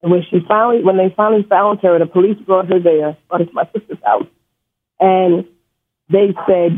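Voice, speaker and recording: Brief: high, husky man phoning in from New York, stutters, rambles emotionally, tinny phone line. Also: fast. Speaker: caller. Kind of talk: call-in storytelling.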